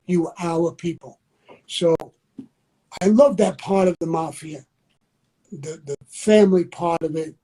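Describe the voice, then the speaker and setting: Older blunt New man, mellow voice. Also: on the high side, slightly rough, rough recording. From New York. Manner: blunt, repetitive, conversational. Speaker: interview guest. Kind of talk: candid interview talk.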